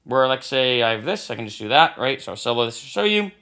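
A man giving a casual music production tutorial, talking as he clicks through software and often tagging lines with "right?". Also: medium pitch, very animated, fast. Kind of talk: screen-recorded software tutorial.

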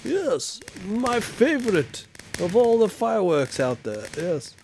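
A stately seventeenth-century Guy Fawkes speaks in pompous, archaic phrases, as a man puts on the voice. His pitch rises and falls in a lively, theatrical way. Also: slow pace, slight background noise, exaggerated voice. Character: old-fashioned Guy Fawkes, pompous Englishman of the 1600s.

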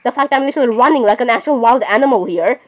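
A woman giving casual, excitable commentary while playing a game, apologizing constantly and talking to herself. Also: a little high, rapid-fire. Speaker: gamer.

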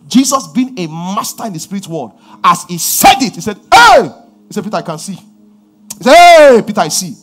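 A Nigerian man preaching a sermon as pastor, swinging from quiet asides to loud outbursts. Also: sits high, expressive, fairly quick, slightly rough, faint music behind.

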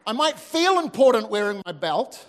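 Animated Kiwi pastor, high-voiced. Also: male voice, normal speed. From New Zealand. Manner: animated storytelling with asides to the audience. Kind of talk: sermon. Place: church hall. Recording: long hall reverb.

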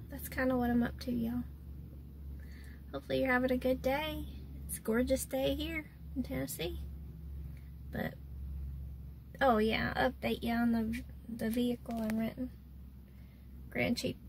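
Chatty woman with a gravelly voice. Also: a little high, a little hiss or hum. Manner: chatty and rambling. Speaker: vlogger. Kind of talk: casual chat to camera.

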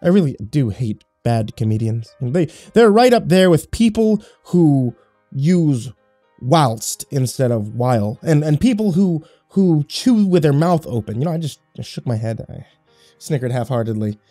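A man's voice: a little high, big pitch swings, a little slow, warm tone, no room sound, faint music behind. A man giving scripted horror story narration in a wry, sarcastic first-person tone.

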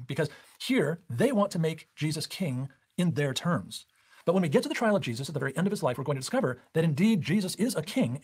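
A Bible teacher speaks in a recorded study lecture, explaining his points step by step. His voice sits a little high for a man and swings widely in pitch. It has a faint husky grain throughout. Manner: explains step by step with rhetorical questions.

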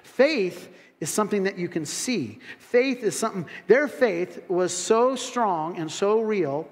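A man's voice: high-pitched, expressive, measured pace, in a large hall. A male pastor preaching a sermon in a conversational storytelling manner, often restarting his sentences.

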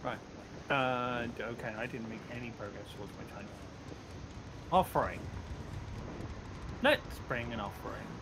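A man's voice: medium pitch, moderate pace, vocal fry, pauses often, noisy background. A man chatting casually while gaming, laid-back and joking. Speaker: fellow gamer. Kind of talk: casual gameplay banter.

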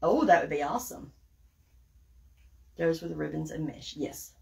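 A woman's voice: sits low, measured pace, vocal fry. A woman with a Southern accent hosting a live craft tutorial, chatting folksily with viewers as she works. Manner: chatty and folksy, addresses viewers as guys and y'all. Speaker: craft tutorial livestream host. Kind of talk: casual live craft demo, reading viewer comments.

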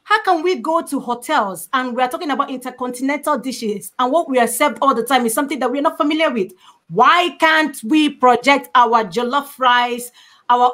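A high-voiced woman from Africa, speaking on an online panel. She talks with emphatic conviction and repeats her main points to drive them home. The sound comes through a video call. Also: a bit bright. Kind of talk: impassioned panel talk.

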